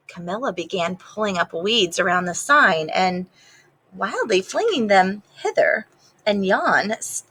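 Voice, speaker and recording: A woman teacher reading a picture book aloud to her class, expressive, pausing to ask the children questions. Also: mid-range voice, slightly rough, rough recording.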